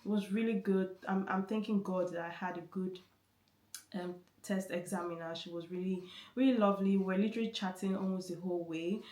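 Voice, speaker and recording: A woman's voice: medium pitch, fairly even intonation, fairly quick, darkish tone. Chatty woman vlogger, echoey room. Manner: chatty, many restarts and repeated words. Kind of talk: casual story-time chat. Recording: roomy echo.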